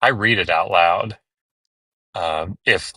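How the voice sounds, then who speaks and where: A man's voice: low voice, slow pace, bright, forceful tone, no room sound. A man hosting a live stream, patiently explaining Hebrew pronunciation step by step with many fillers. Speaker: host teaching biblical Hebrew. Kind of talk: casual live-stream tutoring.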